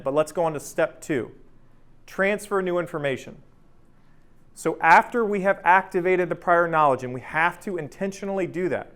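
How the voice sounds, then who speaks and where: A man in his thirties leading a workplace training session in a casual, conversational way, often checking in with "right?". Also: fairly high pitch. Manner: conversational, keeps asking "right?"; energetic, acts out anecdotes. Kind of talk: casual workshop talk.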